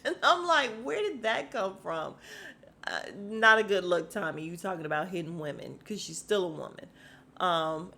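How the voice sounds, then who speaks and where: A woman's voice: a little high, sing-song, normal speed, fairly bright tone. A woman hosting a casual podcast, chatting her way through a TV episode recap and retelling scenes in quoted voices. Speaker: podcast host recapping a TV show.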